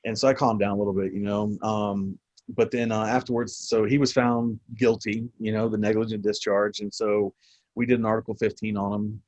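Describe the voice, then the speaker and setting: Man, forties, low voice, dry close sound, profane animated storyteller, laughs a lot. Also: brisk, dry recording, highs cut off. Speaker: military veteran guest. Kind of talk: casual storytelling interview.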